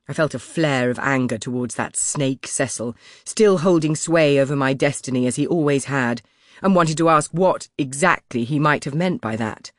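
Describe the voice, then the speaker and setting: A man's voice: medium pitch, no room sound, studio quality. Man narrating a historical audiobook. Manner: measured, expressive storytelling. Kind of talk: first-person scripted audiobook narration. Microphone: close studio mic.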